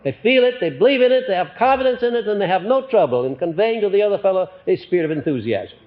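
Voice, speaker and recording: An older man giving a live motivational lecture to an audience, animated, swinging between loud emphatic lines and quiet ones, with frequent fillers. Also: high voice, quick pace. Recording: muffled 1950s lecture recording.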